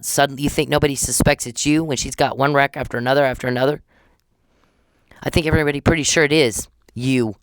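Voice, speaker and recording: A woman's voice: extremely low pitch, dry recording. A woman ranting angrily to camera at an absent man, profane and confrontational, repeating her lines for emphasis and stumbling when upset. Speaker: vlogger. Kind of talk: angry direct-to-camera rant.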